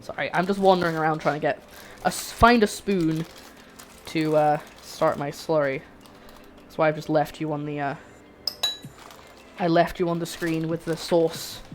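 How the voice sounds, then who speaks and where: A woman's voice: low-pitched, steady tone, normal speed, darkish tone, a little hiss or hum. A young woman streaming herself cooking, chatting and rambling to her viewers while she works in her home kitchen. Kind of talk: live-stream cooking chat. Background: faint background music.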